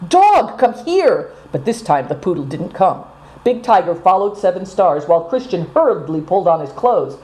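A woman narrating a storybook in a dramatic, expressive reading. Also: fairly low pitch. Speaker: audiobook narrator.

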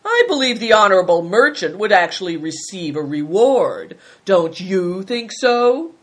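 A woman's voice: mid-range voice, animated, unhurried. A woman voicing a hot-tempered male bandit chief who speaks in a sly, scornful, mocking way, reading from a storybook.

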